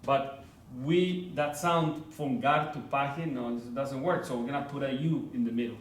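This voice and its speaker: A man teaching a Spanish grammar lesson, speaking slowly and repeating words while checking in with his listeners. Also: medium pitch, expressive. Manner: slow and deliberate, repeating words, checking in with "right?" and "okay?". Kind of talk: classroom lecture. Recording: echoey room, voice from far off, faint background noise.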